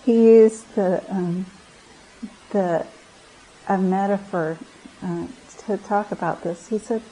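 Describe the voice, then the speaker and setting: Slow, mellow-voiced woman giving a dharma talk. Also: mid-range voice, fairly even intonation, slight background noise, rough recording. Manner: gentle, reflective, with halting restarts. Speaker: meditation teacher. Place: meditation retreat center.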